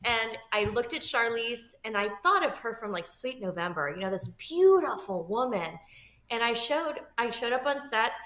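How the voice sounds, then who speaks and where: A woman in her thirties from Florida, an actor telling animated stories as an interview guest and acting out the people she quotes. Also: a little high. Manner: lively, expressive, acts out quoted people. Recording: roomy echo.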